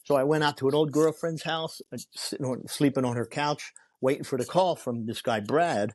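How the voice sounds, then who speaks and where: A man's voice: medium pitch, moderate pace, no echo. A man who is a guest on an interview show. He tells a long story with lots of energy, acts out the voices of the people in it and often restarts his sentences. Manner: animated storyteller who acts out the quoted lines, with frequent restarts. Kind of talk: storytelling in a conversation.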